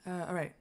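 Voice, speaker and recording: A woman streamer reading a game story aloud, breaking off to laugh, swear and react. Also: background noise. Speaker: gaming streamer.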